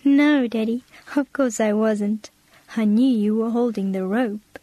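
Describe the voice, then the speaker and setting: A woman's voice: fairly high pitch, measured pace, dry recording. A woman voicing a brave, eager little girl who pleads and exclaims in a storybook reading. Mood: eager pleading. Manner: pleading, excited.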